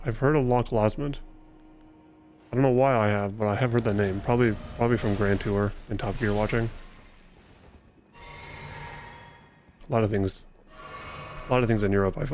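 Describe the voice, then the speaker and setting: His voice runs on the low side, darkish and steady, and he talks quickly. Gaming live for an audience, he keeps up casual, somewhat profane chatter that hops from thought to thought.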